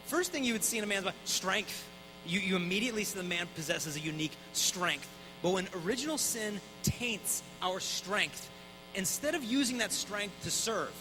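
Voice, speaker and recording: A man in his thirties giving an energetic, conversational talk at a conference, acting out voices in his stories. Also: high-pitched, low-quality recording. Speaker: Catholic speaker. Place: conference hall.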